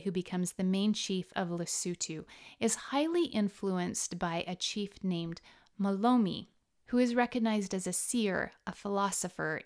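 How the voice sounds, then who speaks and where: Woman, middle-aged, from the US; podcast host reading her travel stories, explaining terms carefully. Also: medium pitch. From United States. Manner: explanatory, spells out words and pronunciations. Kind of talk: scripted storytelling narration.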